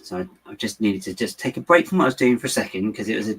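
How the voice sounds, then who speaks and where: A young man with a fairly low, bright, husky voice talks at a racing pace with lots of expression. He's livestreaming from home while building LEGO, rambling to viewers and amusing himself along the way.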